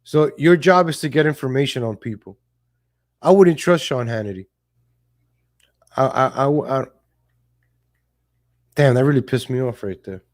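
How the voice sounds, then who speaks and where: Man, livestream host, blunt, cursing, laughs a lot, middle pitch, casual commentary. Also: animated, a little fast, a little mellow.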